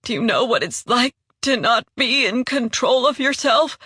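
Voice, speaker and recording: A man's voice: extremely high pitch, expressive, moderate pace, sharp tone, dry recording, studio quality, pitched above the performer's own voice, full character voice. A woman voicing a wounded, desperate male traitor who pleads in a quavering voice.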